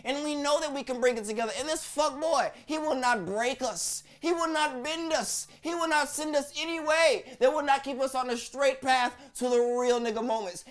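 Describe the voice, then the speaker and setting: A man's voice: very high-pitched, a bit bright. A man voicing a brash, profane male preacher with a Southern accent, rambling through a comedic mock sermon in a preachy cadence.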